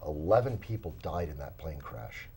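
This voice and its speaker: A man's voice: extremely low pitch, animated, normal speed, a little mellow, slight background noise. A man, a paranormal investigator guest in a small studio, telling his stories in a casual interview with many fillers and restarts.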